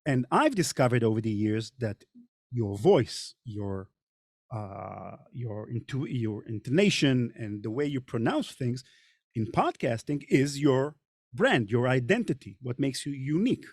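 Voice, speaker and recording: A man's voice: medium pitch, animated, unhurried, a little mellow, no echo, studio quality. A middle-aged man with a Hebrew accent hosts a podcast chat, talking in a thoughtful way with frequent hesitations. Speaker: podcast host and narrator. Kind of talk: casual panel chat. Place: recording studio.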